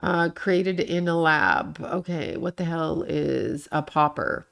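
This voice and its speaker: Speaking slowly in a low, creaky yet fairly bright voice, a blunt woman hosts a casual livestream. She reads the chat, snaps back at comments and swears freely while ranting about the people she mentions.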